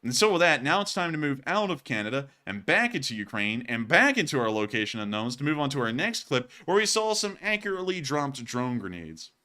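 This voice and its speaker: A man hosting casual commentary on war footage, joking and excitable and quick to laugh. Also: mid-range voice. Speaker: host.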